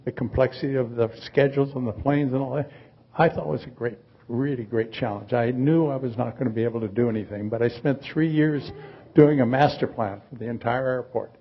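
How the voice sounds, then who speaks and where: Husky man in his eighties. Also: medium pitch, steady tone, lo-fi sound. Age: 80s. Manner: rambling, halting, dry humor. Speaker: artist, guest. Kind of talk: live onstage conversation.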